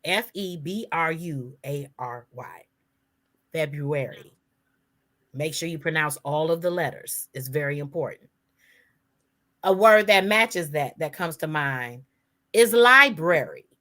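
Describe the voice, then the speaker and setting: A woman co-hosting a podcast in a slow, deliberate chat. Her voice is bright and forceful, a little low in pitch, and she leans on each point, spelling words out letter by letter. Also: animated. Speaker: podcast co-host.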